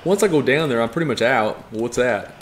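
A game streamer with a mid-range, animated, fairly quick but strained voice jokes and swears through live commentary while playing and reading chat aloud. Background noise is audible.

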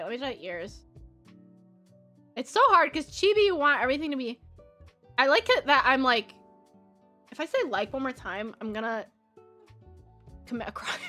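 A woman streamer with a Valley Girl accent, chatting casually while she draws, rambling and giggling with plenty of "like". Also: sits high. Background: soft background music.

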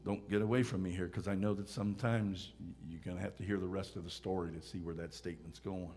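A man preaching a sermon, swinging from loud emphatic rises to hushed near-whispers. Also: fairly low pitch, fairly even intonation, brisk. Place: church sanctuary. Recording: church hall reverb.

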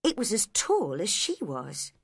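A woman narrating a storybook read-along for English learners in a clear, slow, deliberate way. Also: mid-range voice, huge pitch swings, no room sound, studio quality.

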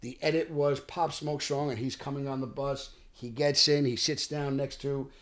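A middle-aged man, an actor telling animated stories on a podcast. He often restarts sentences and acts out what people said. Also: medium pitch, moderate pace. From Bensonhurst, Brooklyn, New York. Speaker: actor guest. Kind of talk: casual podcast storytelling.

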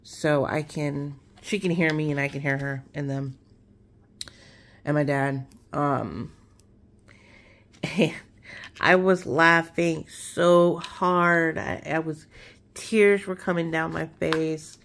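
Woman, craft vlogger, casual chat, slow and relaxed, gravelly low voice. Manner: relaxed and rambling, many fillers.

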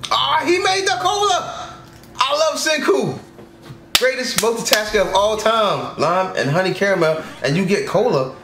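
A young man casually reacting to an anime episode, animated and slangy, laughing and swearing as he goes. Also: on the high side. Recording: echoey room.

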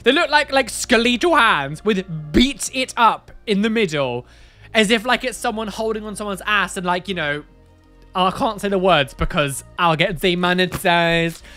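A woman's voice: mid-range voice, lively intonation, moderate pace, a bit bright, soft background music. A woman doing casual reaction commentary as a YouTuber, exclaiming and laughing with slangy asides. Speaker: YouTuber reacting to tattoo photos.

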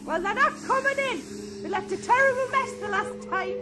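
A wary female homebody animal speaks very high and squeaky. She sounds flat and unwelcoming. Loud music plays under the voice-over. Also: moderate pace. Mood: grudging.

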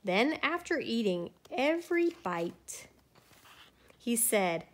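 A woman storyteller reading a rhyming children's picture book aloud with lively, rhythmic expression. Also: on the high side, slow pace.

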